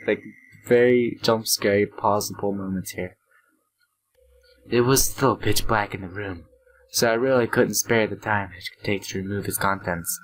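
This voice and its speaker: A man's voice: on the low side, slight background noise, low-quality recording. A half-asleep man hosting a let's play, reading the game's text aloud with asides and stumbling, stuttering delivery.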